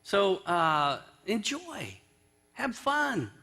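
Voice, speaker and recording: A man's voice: high voice, wildly swooping pitch, extremely slow, creaky, pushed and bright, breathy edge. A male pastor giving a conversational sermon in a church, telling a story and acting out its quotes. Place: church sanctuary.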